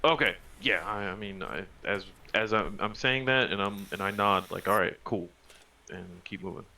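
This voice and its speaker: A man's voice: lowish voice, normal speed, creaky, bright, forceful tone. A man playing a tabletop role-play game over a call, talking hesitantly, with many restarts. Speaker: player.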